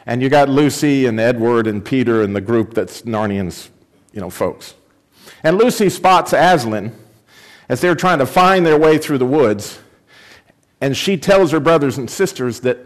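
Man preaching and reading a story aloud. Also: measured pace. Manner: expressive reader, raising pitch for the girl's lines.

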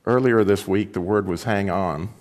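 A pastor giving a sermon, reading a story aloud with reflective, storytelling delivery. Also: male voice, low voice, moderate pace.

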